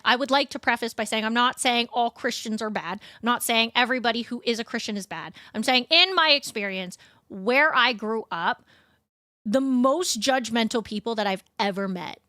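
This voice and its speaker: Bright-voiced ranting young woman streamer. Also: on the high side, dry recording, clean studio sound. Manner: profane, ranting, animated storytelling. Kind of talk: casual chat stream. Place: home streaming setup.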